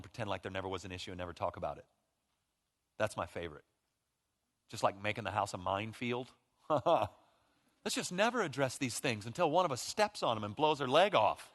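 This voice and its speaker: Preacher guy giving a sermon, lively, acts out quotes, big hall echo. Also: medium pitch. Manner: animated, acts out quoted voices. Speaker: pastor. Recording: long reverb of a large hall.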